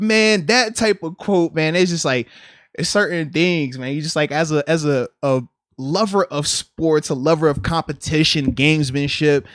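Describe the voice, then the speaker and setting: Animated high-voiced man talking football. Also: no echo, studio quality. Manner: animated, swings into loud imitations and laughter. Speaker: podcast host. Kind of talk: casual sports chat.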